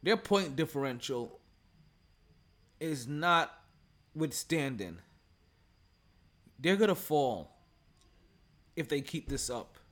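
High-voiced casual sports podcast host. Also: male voice, sing-song, slow pace, pauses often, a bit bright. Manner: loose, profane and chatty.

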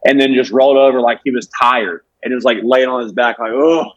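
A man's voice: mid-range voice, fairly even intonation, fast, no room sound. A man in his twenties from Alabama, chatting casually as a comedian guest on a podcast, rambling with lots of likes and restarts. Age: 20s. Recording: dull dry lo-fi sound.

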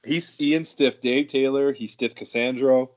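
A man's voice: medium pitch, fairly even intonation, moderate pace, darkish tone. A middle-aged man and professional wrestler telling rambling, profanity-laced road stories in casual podcast chat.

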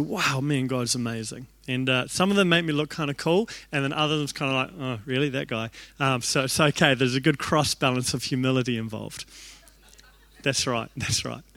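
A young man preaching a storytelling sermon in an animated, self-deprecating way, acting out the thoughts he quotes. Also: mid-range voice, normal speed, no room sound.

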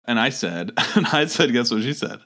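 Lively man reading reviews aloud, laughing. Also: medium pitch, moderate pace. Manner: laughs often, acts out quoted lines. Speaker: podcast co-host. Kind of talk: comedic podcast chat reading reviews aloud.

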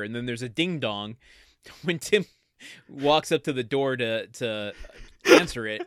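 A man chatting casually as a podcast co-host, relaxed as he recaps sitcom scenes and moves the talk along. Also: mid-range voice, unhurried, clear, resonant tone, no room sound, studio quality. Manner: relaxed, steers the conversation to the next scene.

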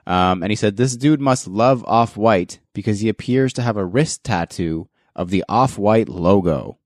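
A low-pitched man hosting a podcast, relaxed and joking as he runs the show. His chat is loose and full of filler words. The sound is close and dry, with no room around it. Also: moderate pace, no echo. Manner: laid-back, joking, frequent "like". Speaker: podcast host. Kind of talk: casual chat.

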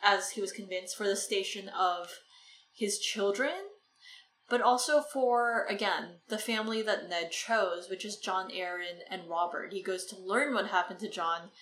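Bright-voiced woman in an echoey room. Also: mid-range voice, a little slow. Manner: chatty retelling with frequent "like" and "right". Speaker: podcast co-host. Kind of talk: casual book discussion. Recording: echoey room with faint noise.

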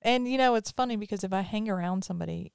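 A woman's voice: medium pitch, fast talker, vocal fry, darkish tone, clear, resonant tone, no echo, studio quality. A woman from Mississippi with a Southern accent mixed with some Northern, hosting a casual podcast chat. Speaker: podcast host.

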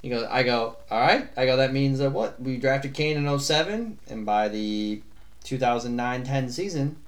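A man's voice: mid-range voice, normal speed, slight background noise. A man co-hosting a podcast in a casual sports chat, rambling with lots of fillers, restarts and offhand swearing. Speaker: podcast co-host.

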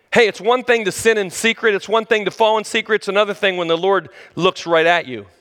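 A high-pitched male preacher delivers a sermon in a long-echoing hall. He speaks directly to the congregation, rising to loud, high bursts and then sinking to hushed, low phrases. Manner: dramatic swings between loud high exclamations and low hushed lines; conversational, addresses the listeners directly. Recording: long reverb of a large hall.

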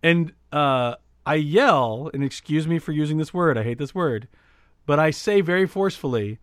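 A man co-hosting a podcast, telling a story in casual chat with many restarts, getting loud and lively as he retells it. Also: on the high side, normal speed, clean tone, no room sound, clean studio sound. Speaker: podcast co-host.

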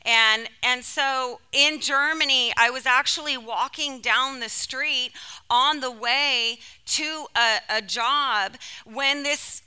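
Bright-voiced woman preaching through personal story. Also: high-pitched, clear, resonant tone. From California. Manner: personal storytelling, animated and emotional. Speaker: speaker. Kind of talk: sermon.

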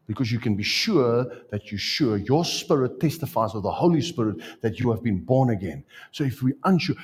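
A man's voice: medium pitch, breathy edge. A man preaching a sermon and asking his congregation questions. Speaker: pastor.

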